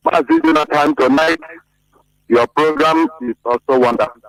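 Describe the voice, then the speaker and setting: A man's voice: mid-range voice, wildly swooping pitch, moderate pace, vocal fry, a bit bright, poor audio. A man calling a radio show, preachy and fervent, with emphatic peaks. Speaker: radio call-in caller. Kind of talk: impassioned call-in comment.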